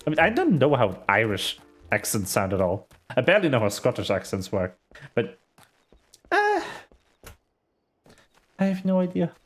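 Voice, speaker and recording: A man's voice: mid-range voice, huge pitch swings, moderate pace, pauses often, faint music behind. A man streaming a game, chatting playfully with viewers and poking fun at himself. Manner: playful, chatty, self-mocking. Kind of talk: casual gameplay chat.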